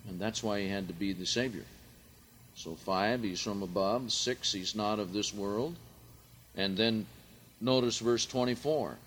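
Slow, bright-voiced man teaching scripture. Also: on the low side, slight background noise. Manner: slow and deliberate, rising loud and emphatic on scripture quotes. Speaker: Bible teacher. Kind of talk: verse-by-verse Bible study.

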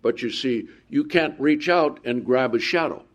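A man's voice: medium pitch, expressive, moderate pace. A man preaching a sermon, reading Bible verses with rising emphasis and asking his listeners questions that he answers himself.

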